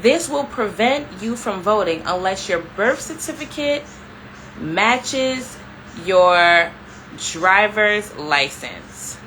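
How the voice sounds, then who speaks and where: A young adult woman telling a story to her viewers in a casual, animated way, filling her talk with "like" and calling them y'all. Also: medium pitch, slow pace, a little hiss or hum, poor audio. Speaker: vlogger.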